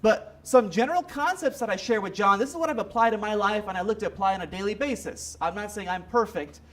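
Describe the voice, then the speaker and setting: A man giving a motivational seminar talk, telling stories in an animated way. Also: high voice, quick pace. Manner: animated storytelling with acted quotes. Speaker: motivational speaker.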